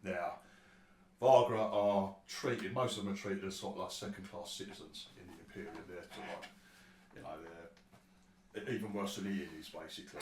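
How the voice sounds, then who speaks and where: A low-voiced man runs a tabletop game, rambling and swearing as he narrates. The room sounds echoey, and he is picked up from some distance away. A faint ambience hums in the background. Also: steady tone, a little fast. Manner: rambling and sweary, with many restarts. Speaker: game master.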